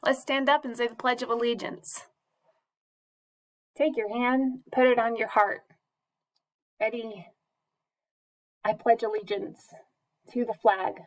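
Woman teacher doing morning circle, super slow and patient, sing-songy prompts. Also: on the high side. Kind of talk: morning classroom routine for young children. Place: classroom or home teaching space.

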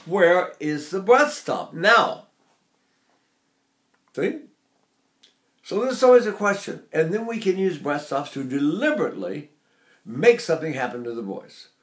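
A man's voice: fairly high pitch, big pitch swings, unhurried, long pauses, fairly bright tone. An older man teaching singing, talking in a rambling, anecdotal way and breaking off to demonstrate sounds. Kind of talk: spoken singing lesson.

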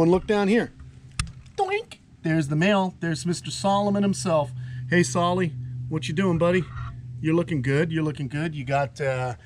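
Slight hiss or hum sits under a somewhat high, gently mellow male voice. He's a reptile keeper hosting his channel's laid-back outdoor vlog, strolling among enclosures and chatting to the reptiles.

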